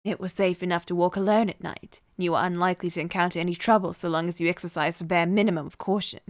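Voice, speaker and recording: A woman reading a cold, calm young man who craves violence, in an even, measured voice while reading a game aloud. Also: lowish voice, dry recording, clean studio sound, close to an everyday voice.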